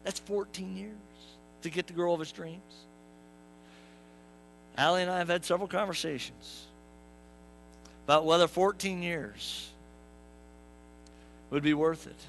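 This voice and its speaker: A man's voice: high-pitched, measured pace, pauses often, a bit bright, slight background noise, poor audio. A young adult man preaching a humorous sermon in a church, acting out the characters and asking the congregation questions. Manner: jokey storyteller, acts out characters, asks the congregation. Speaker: pastor. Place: church sanctuary.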